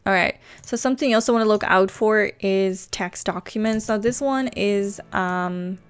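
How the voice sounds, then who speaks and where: A woman's voice: medium pitch, normal speed, clear, resonant tone. A woman hosting a casual screen-recorded tutorial, chatty and rambling with a self-teasing manner, talking into a desk microphone. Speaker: gaming channel host.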